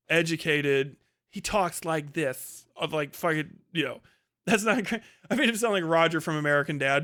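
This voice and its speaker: A man's voice: on the high side, fairly bright tone. A male livestream host telling a rambling, profane story in a casual way, with lots of filler words.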